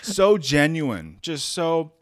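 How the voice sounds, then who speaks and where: A man in casual conversation with a slightly raised voice that swings widely in pitch. He jumps from low mumbles to high, laughing bursts and often breaks off and restarts his sentences. He talks from a makeshift home studio. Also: slow pace, dry recording. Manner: animated, laughs a lot, many restarts. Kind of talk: casual storytelling chat.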